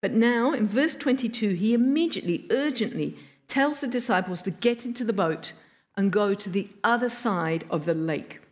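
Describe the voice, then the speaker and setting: Woman preaching with expressive storytelling. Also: mid-range voice. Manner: expressive storytelling delivery with emphatic pauses. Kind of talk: sermon.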